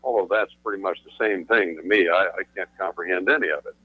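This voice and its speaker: A man with a low, slightly rough voice talks at a quick pace as an attorney guest on a radio talk show. He presses his views in a lecturing, emphatic way, often repeating phrases for stress. The call sounds tinny and dry.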